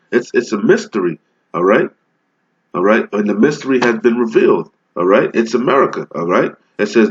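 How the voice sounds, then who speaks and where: A man teaching from scripture, reading verses slowly and explaining them in casual talk, checking in with "all right?" after almost every line. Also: lowish voice, slightly rough. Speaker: bible teacher. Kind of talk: street-style scripture teaching. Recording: dull lo-fi recording.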